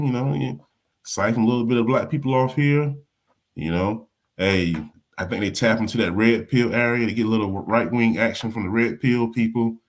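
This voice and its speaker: Animated man with a lively swooping voice. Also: lowish voice. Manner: animated, repeats words, acts out quotes. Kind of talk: casual political chat. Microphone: live stream mic.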